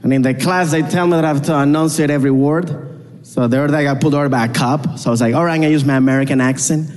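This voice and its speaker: Venezuelan stand-up comedian with a Venezuelan Spanish accent delivers punchy, repetitive jokes to a live audience on a comedy club stage. His fairly high, a little mellow voice races along with fairly even intonation. The reverberant hall carries audience noise.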